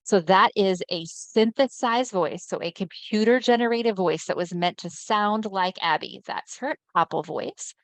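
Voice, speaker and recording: A woman's voice: mid-range voice, measured pace, hardly any pauses, dry recording. Chatty woman presenting a webinar. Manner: conversational, often checks in with listeners. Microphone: video call mic.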